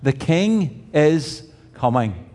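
A man's voice: a little high, sing-song, extremely slow, mellow. An older man preaching a sermon in a conversational way, with restarts and humorous asides. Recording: reverberant hall.

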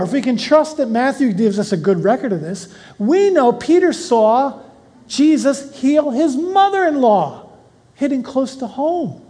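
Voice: high-pitched, mellow. Bible teacher in a reverberant hall. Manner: reads verses slowly, then explains in a chatty way with questions to listeners. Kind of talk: Bible teaching, reading and explaining scripture.

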